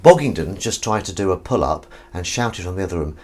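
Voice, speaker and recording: A man hosting a casual live stream, joking with his chat and swinging between loud greetings and mumbled asides. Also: lowish voice, a little fast. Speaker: livestream host.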